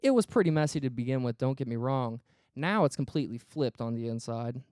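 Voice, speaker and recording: A man's voice: medium pitch, lively intonation, a little fast, a little mellow, smooth, no echo, studio quality. A man co-hosting a podcast, telling a story in a casual, profane way and acting out the quoted dialogue. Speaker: podcast co-host.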